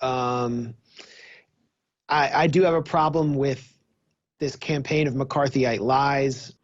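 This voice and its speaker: A male guest journalist speaking in a hesitant, halting way. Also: mid-range voice, fairly even intonation, muffled recording. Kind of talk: interview conversation.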